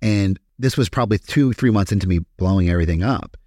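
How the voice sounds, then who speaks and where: Man, Kentucky accent, low voice, dry close sound, candid, swears freely, podcast guest. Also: fast talker, warm tone, no echo. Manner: candid and profane, with frequent fillers. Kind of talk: casual storytelling interview.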